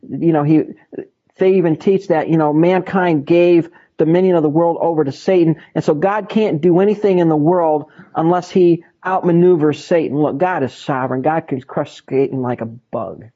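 A man's voice: fairly high pitch, moderate pace. A man teaching a Bible study in an emphatic way, repeating words for stress. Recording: dull lo-fi recording.

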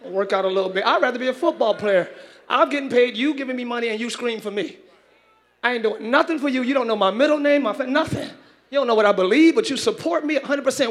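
A man's voice: very high-pitched, quick pace. A man preaching a sermon as pastor, calling out to his congregation and pushing them to answer back. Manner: shouting preacher, call-and-response with congregation.

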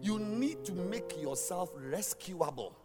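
High-voiced pastor preaching in a hall. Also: male voice, expressive, takes it slowly. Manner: emphatic, swings from shouting to near-murmur, sing-song cadence. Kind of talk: sermon. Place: church hall. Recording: long hall reverb with faint music.

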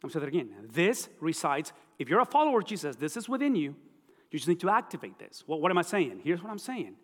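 A man's voice: a little high, big pitch swings, fast talker. A middle-aged man preaching a sermon as pastor, emphatic and repetitive, sometimes pleading. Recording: long reverb in a hall.

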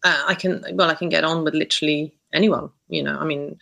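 A woman's voice: deep voice, steady tone, brisk, gravelly, bright, forceful tone, poor audio. A woman guest on a podcast, talking reflectively and hesitantly, thinking aloud with many restarts. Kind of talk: reflective conversational interview.

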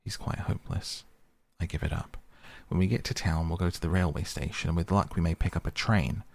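Storybook water rat, male, exasperated and brisk, read by a man with a husky low voice. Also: fairly even intonation. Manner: sharp, brisk and fed up.

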